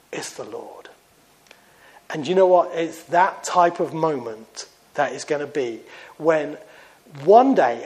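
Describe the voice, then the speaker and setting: A man preaching a sermon in a chapel, swinging from fervent raised emphasis to hushed, low tones. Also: low-quality recording.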